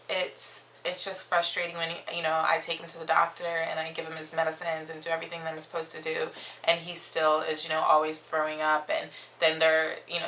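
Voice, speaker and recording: A woman's voice: sits low, pushed and bright, low-quality recording. A young woman chatting to camera as a mom vlogger, reading questions from her phone with lots of ums. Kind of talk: casual chat to camera.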